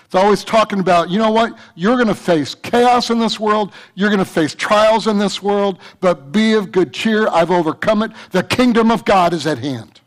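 A man's voice: high-pitched, moderate pace, hardly any pauses. A man preaching a sermon to his church, fervent and repetitive, breaking into a story. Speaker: pastor.

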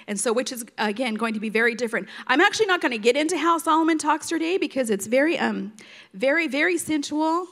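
Woman, Bible teacher, conversational, expressive retelling, slightly high voice. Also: a little fast. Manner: chatty and expressive, retells scripture in her own words with many fillers.

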